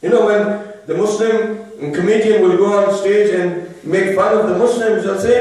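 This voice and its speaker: High-pitched man preaching in an echoey hall. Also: fairly even intonation, normal speed, darkish tone. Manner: emphatic, repeats phrases and asks rhetorical questions. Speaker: religious speaker. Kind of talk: lecture to a live gathering. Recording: very echoey room, voice from far off. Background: listeners murmuring responses.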